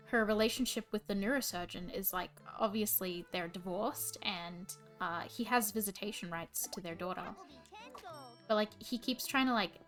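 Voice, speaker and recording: A woman's voice: mid-range voice, fairly bright tone. A young adult woman streaming live, chatting casually in a rambling way full of fillers and restarts. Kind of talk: casual chat. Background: faint music.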